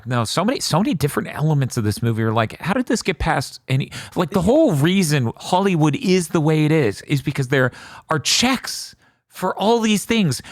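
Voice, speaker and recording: Animated ranting man, fairly high voice. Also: no room sound, studio quality. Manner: animated, exasperated ranting with swearing. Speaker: podcast co-host. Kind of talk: casual movie review chat.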